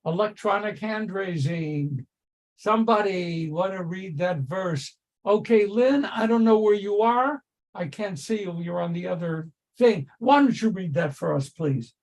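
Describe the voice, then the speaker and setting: Slow-spoken older rabbi teaching text. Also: male voice, high-pitched, animated, a little mellow. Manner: emphatic, repeats key phrases, calls on students. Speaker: rabbi teaching Torah study. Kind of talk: text study class on video call. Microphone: video call.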